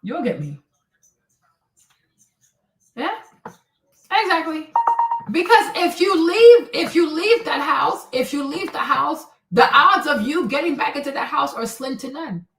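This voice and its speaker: A woman's voice: high voice, lively intonation, measured pace, pauses often, a bit bright, roomy sound, distant mic. A woman hosting a livestream, handing out blunt relationship advice in a brash, profane, mocking way. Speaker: livestream host.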